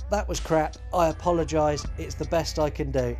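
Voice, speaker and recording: A man's voice: on the high side, moderate pace, hardly any pauses, darkish tone, soft background music. A man hosting a horror podcast, talking casually and rambling with many fillers. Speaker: podcast host.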